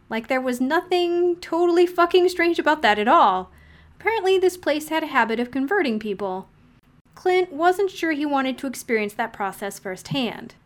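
A woman narrating an audiobook-style story. She reads steadily with a wry storyteller's touch. Her voice sits slightly high. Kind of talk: audiobook fan-fiction reading.

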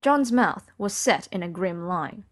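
Low-voiced woman narrator, quiet intimate audiobook read. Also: lively intonation, a little slow.

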